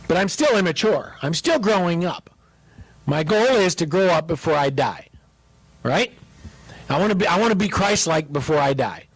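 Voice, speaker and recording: A man pastor teaching about marriage, joking and animated as he speaks to his listeners. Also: fairly high pitch, moderate pace, slightly rough, no room sound, rough recording.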